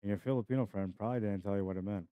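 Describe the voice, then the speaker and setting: A man's voice: on the low side, very fast, smooth, dry recording. A young man giving casual live-stream commentary on a pool match, chatty and laughing as he greets viewers by name. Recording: dry, slightly dull stream audio.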